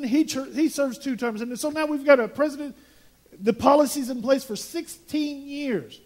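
A man's voice: very high-pitched, darkish tone. A man preaching a verse-by-verse sermon as pastor, emphatic and prone to repeating words as he builds his point.

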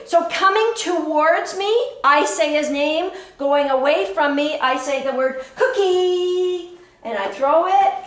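A woman dog trainer giving a chatty live demonstration, explaining as she goes and breaking into bursts of cheery praise for a puppy. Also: high-pitched. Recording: echoey room with faint noise.

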